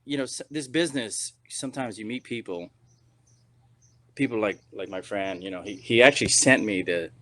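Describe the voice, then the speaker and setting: Middle-aged male actor, low-pitched, casual rambling interview storyteller. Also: normal speed, fairly bright tone. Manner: rambling, many restarts and "you know"s. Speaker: actor and podcast guest.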